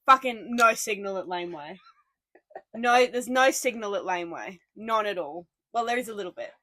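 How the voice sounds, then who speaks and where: A woman's voice: medium pitch, lively intonation, moderate pace, pushed and bright, no echo. Rambling young Australian woman, dry close mic. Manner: rambling, sarcastic, swears freely. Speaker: podcast co-host. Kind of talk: casual chat.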